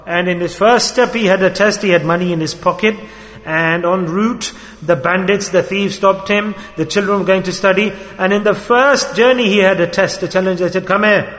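A man preaching a sermon in a storytelling style, moving between loud emphasis and quiet asides. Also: sits high, normal speed. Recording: long hall reverb.

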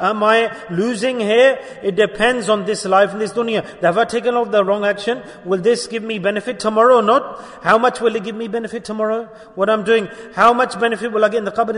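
A man preaching a sermon, earnestly addressing listeners with rhetorical questions. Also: sits high. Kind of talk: religious sermon. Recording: long hall reverb.

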